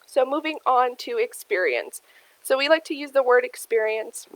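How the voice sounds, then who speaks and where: A young adult woman presents a career workshop, explaining steadily with frequent ums and calling her audience "you guys." Her voice sits high with lively intonation at normal speed, and the recording is rough but echo-free.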